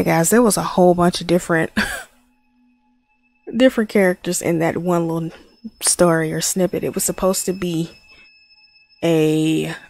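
A woman plays horror games and talks through them in a slow, unhurried way. She reacts to scares with gasps and startled remarks. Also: on the low side, gravelly. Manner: jumpy, gasping reactions. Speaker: horror game player. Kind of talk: let's play commentary.

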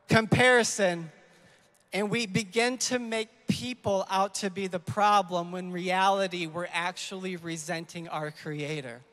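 High-voiced energetic young preacher, bright tone. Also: male voice, in a large hall. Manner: energetic, acts out people in an illustration, rambling self-corrections. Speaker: youth leader preaching. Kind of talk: sermon. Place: church hall.

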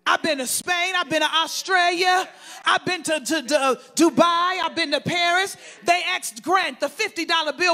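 A very high-pitched man preaches, his voice gravelly and rough at the edges. He shouts his sermon in fervent bursts, piling up long repeated lists and calling out to the congregation. His tone is bright and piercing. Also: normal speed, soft background music. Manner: call-and-response preaching with repetitive lists.

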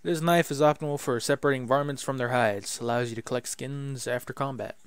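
A man talks through a Western comedy game in a loose, playful way, reading out items and muttering asides. His voice sits in a middle pitch and comes through a close, dry mic. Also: steady tone, a little fast, smooth, no room sound. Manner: casual, playful, mutters to himself. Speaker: gaming YouTuber. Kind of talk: let's play commentary.

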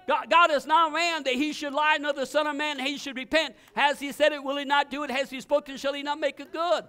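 A male pastor preaching with a very high voice, pressing his points hard and repeating phrases in quick bursts. He now and then breaks into shouted commands, and his tone stays sharp and bright. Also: steady tone. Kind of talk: sermon.

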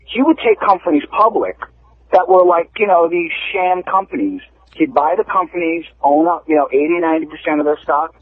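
A male caller on a radio show, explaining things quickly and casually, swearing now and then. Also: on the high side, animated, husky, dry recording. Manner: fast, explanatory, swearing freely. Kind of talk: casual phone-in chat. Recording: tinny phone line.

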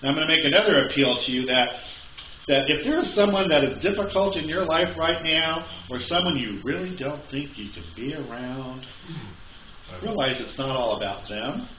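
A man's voice: fairly high pitch, animated, moderate pace, slight background noise. A male pastor preaching a sermon in a conversational way with joking asides, in a church sanctuary. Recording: echoey, slightly dull church recording.

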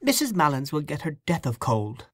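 A man voicing an elderly woman, a fussy and chiding aunt, in a high fluttery voice for a storybook reading. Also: big pitch swings, moderate pace, dry recording, clean studio sound.

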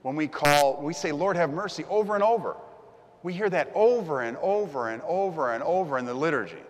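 A man's voice: a little high, lively intonation, brisk, big-room sound. A man preaching a sermon as the pastor, telling the story vividly and acting out the crowd's voices.

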